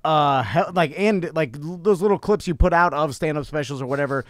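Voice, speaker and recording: Male host, slightly high voice, loose chatty questions, dry studio sound. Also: brisk, no echo. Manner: rambling, many fillers and yeahs. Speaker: podcast host. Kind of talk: casual interview chat.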